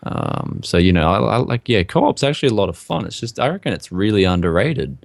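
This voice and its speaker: A laid-back Australian man with a very low voice, chatting casually about games. He rambles a bit and fills pauses with "you know" and "like". The sound is close and dry. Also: gravelly, dry recording. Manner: relaxed, laid-back, rambling with many fillers. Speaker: co-host. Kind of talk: casual gaming chat.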